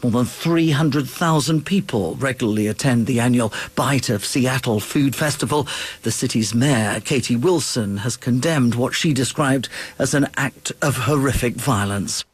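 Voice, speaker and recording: A male correspondent giving a grave, measured scripted news report. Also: mid-range voice, slightly rough.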